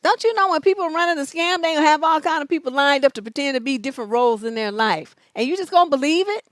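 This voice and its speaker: A high-pitched woman relationship coach hosts a live-stream advice show, reading out viewer letters. She answers in a blunt, profane, scolding way. Her voice is recorded close and dry, with no room sound. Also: animated, quick pace, no room sound. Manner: mocks letters in an exaggerated high voice.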